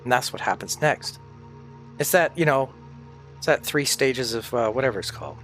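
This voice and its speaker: A man's voice: mid-range voice, animated, moderate pace, fairly bright tone, soft background music. A man chatting casually on a livestream, rambling and swearing freely, sounding tired and sick.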